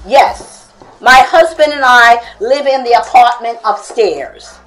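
A poised young newlywed woman, read in the author's own voice, cool and composed in her replies. Her voice sits a little high and moves slowly. Faint music hums in the background. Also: fairly bright tone, rough recording. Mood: puzzled.

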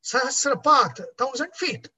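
A woman's voice: high voice, a little slow, pushed and bright, poor audio. Woman teaching, patient and explanatory. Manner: patient explaining with many fillers. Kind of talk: class on Vedic chanting.

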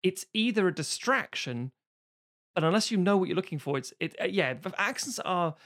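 A person chatting casually on a podcast, animated and profane, slipping into mock voices. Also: medium pitch, normal speed. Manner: animated, swears a lot, slips into mock voices.

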